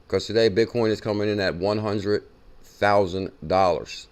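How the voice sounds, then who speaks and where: A man hosting a casual crypto news show, reacting excitedly and repeating figures from a clip he plays. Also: on the low side, normal speed. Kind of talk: casual chat.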